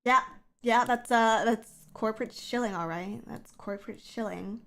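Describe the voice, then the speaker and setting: A woman chatting on a livestream, her voice scratchy and a little rough from the early hour. She rambles casually, stringing thoughts together with plenty of fillers. Her voice sits somewhat high for a woman. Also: moderate pace. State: scratchy morning voice. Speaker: streamer.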